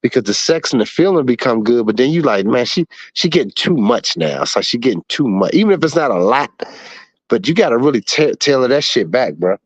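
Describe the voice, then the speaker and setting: A man's voice: medium pitch, expressive, fairly quick, slightly rough, dry recording. A man in his forties telling stories in a blunt, profane way during a casual podcast chat. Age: 40s. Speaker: show host.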